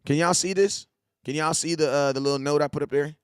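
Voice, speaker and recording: A man in his forties hosts a loose live sports talk show, speaking in an animated, slang-heavy way and repeating lines to his viewers. His voice sits a little high. The sound is close and dry, with no room echo. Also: fast talker, clear, resonant tone. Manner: animated, repetitive, slangy, talks to chat.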